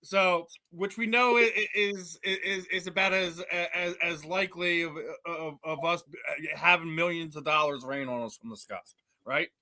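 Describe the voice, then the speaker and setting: A man co-hosting a sports podcast, debating in a halting way with frequent restarts that build into emphatic points. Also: on the high side, bright, forceful tone. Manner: halting, many restarts, rises when making a point.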